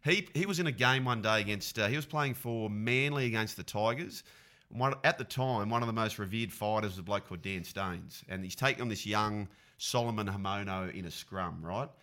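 A middle-aged Australian man, a former rugby league player, telling animated sporting stories in casual podcast chat. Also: lowish voice, fairly quick. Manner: animated yarn-spinner, acts out blows.

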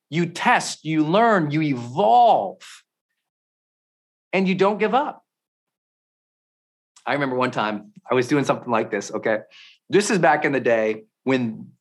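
A middle-aged man giving a motivational talk as a podcast host, telling stories with intense swings from quiet to loud. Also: mid-range voice.

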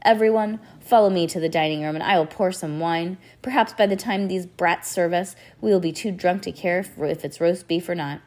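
A woman voicing a tall, scheming male count with a scratchy voice, loud and demanding. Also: fairly low pitch, a little fast, few pauses, close to an everyday voice. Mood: menacing.

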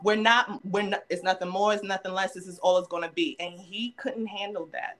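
Woman cohost on a podcast, blunt and swears a lot, middle pitch, just chatting. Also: steady tone, a little fast, fairly bright tone. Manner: blunt, profane, emphatic. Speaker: podcast co-host. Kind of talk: casual chat.

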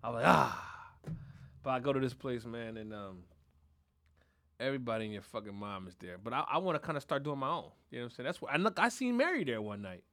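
Male podcast co-host, animated storyteller, bright voice, profane. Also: medium pitch, fast. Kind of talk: casual chat.

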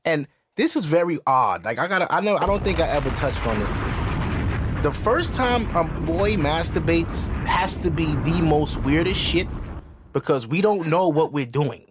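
A man hosting a podcast, ranting in casual comedic style, animated and profane. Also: on the high side, normal speed, noisy background. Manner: animated, profane storytelling with voiced asides. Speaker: podcast host.

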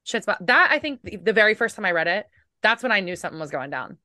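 A woman's voice: mid-range voice, very animated, quick pace, bright, forceful tone, no room sound, studio quality. A woman co-hosting a book podcast, chatting casually and animatedly, swearing and laughing now and then. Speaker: podcast co-host.

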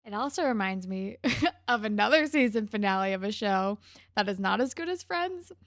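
A young woman co-hosts a podcast, giving a casual, sarcastic recap of a TV episode and performing the characters' lines. Her mid-range voice has lively intonation at a moderate pace, recorded dry with clean studio sound.

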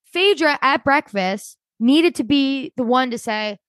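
Animated woman, chatty podcast co-host. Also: high voice, dry recording. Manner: animated, quick, quotes people in character. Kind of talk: casual chat.

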